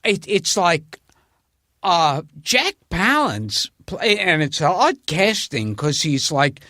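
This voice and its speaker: A man's voice: fairly high pitch, very animated, slow, bright, forceful tone, no echo, studio quality. A male comedian hosting a podcast, chatting casually and rambling through anecdotes. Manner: rambling, anecdotal, with frequent laughs. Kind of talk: casual chat.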